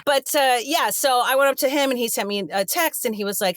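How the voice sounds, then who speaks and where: Middle-aged woman, animated raconteur, close dry mic. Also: fairly high pitch, fairly quick, few pauses, no room sound. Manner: animated storyteller acting out quoted voices. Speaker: actress guest. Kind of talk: casual interview chat.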